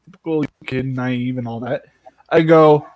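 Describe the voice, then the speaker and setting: A man's voice: medium pitch, fairly even intonation, a little slow, a little mellow, no room sound. A man from Ireland telling a rambling, laughing anecdote as a livestream host, acting out the voices in it. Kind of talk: casual storytelling on a livestream.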